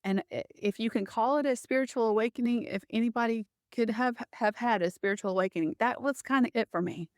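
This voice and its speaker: A woman's voice: fairly high pitch, a little fast, hardly any pauses, no echo. Middle-aged woman telling a story, laughs a lot, restarts, close dry sound. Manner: animated, laughing often, with many restarts. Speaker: guest. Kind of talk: personal storytelling in a conversation.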